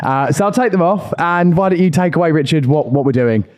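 A man's voice: a little high, lively intonation, a little fast, a little mellow. Playful young man podcasting. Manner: playful, jokey storyteller. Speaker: podcast co-host. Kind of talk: casual chat.

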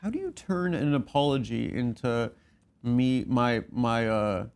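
A man's voice: medium pitch, animated, a little slow, vocal fry, darkish tone. A man co-hosting a podcast, teasing and pushing back in casual comedic banter. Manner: teasing, pushy. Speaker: podcast co-host.

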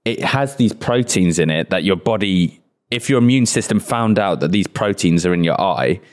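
Man, podcast co-host, low voice, lively pitch, crude, swearing, casual banter. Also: moderate pace.

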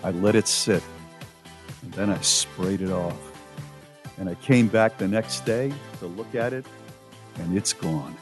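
A man's voice: sits low, measured pace, long pauses, soft background music. A man hosting a radio talk show, telling a wry, self-mocking story about a home chore. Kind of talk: casual radio chat.

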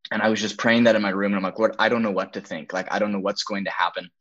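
A man's voice: lowish voice, fairly even intonation, very fast, a bit bright. A young man telling a story as a podcast guest, earnest and emphatic, acting out quoted dialogue. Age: young adult. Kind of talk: storytelling testimony. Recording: dull lo-fi audio.

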